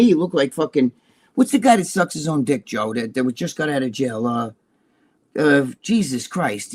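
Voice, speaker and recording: A man's voice: on the high side, darkish tone. Profane rambling older Jersey man. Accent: New Jersey. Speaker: co-host. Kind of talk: casual livestream chat.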